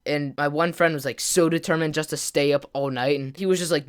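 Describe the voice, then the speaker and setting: A man's voice: medium pitch, fairly even intonation, clear, resonant tone. A man telling a casual storytime to his camera as a gaming vlogger, rambling with lots of "like" and "kinda" fillers. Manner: acts out friends' lines in quick quotes.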